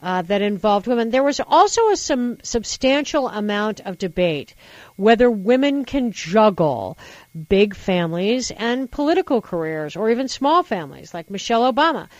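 A woman's voice: mid-range voice, moderate pace, dry recording. Lady radio host ranting and giving advice, punchy and repetitive, dry kinda muffled studio sound. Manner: animated, emphatic, repeats words for emphasis. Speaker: radio talk show host. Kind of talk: opinionated call-in radio monologue.

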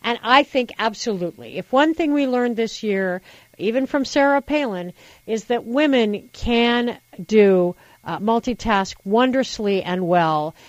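A woman's voice: a little high, a little slow, no echo. A woman radio talk host delivers an opinionated monologue, and she hammers her points home by repeating words. The studio sound is dry and close, with a slightly dull, muffled tone. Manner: animated, emphatic, repeats words for emphasis.

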